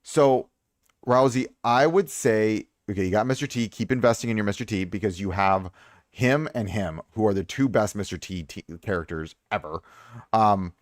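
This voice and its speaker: Rambling low-voiced male streamer. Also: moderate pace, dry recording, clean studio sound. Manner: rambling, repeats himself for emphasis. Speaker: streamer reviewing viewers' game accounts. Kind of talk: casual live-stream chat.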